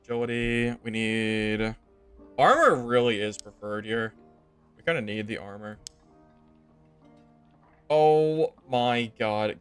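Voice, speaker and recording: A young man streams a game and talks his viewers through it in a casual, joking way. His voice is smooth and clear, at an average pitch for a man. He sounds exasperated and often jumps to loud, high outbursts, with faint music playing softly behind. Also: slow, long pauses. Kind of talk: casual gameplay commentary.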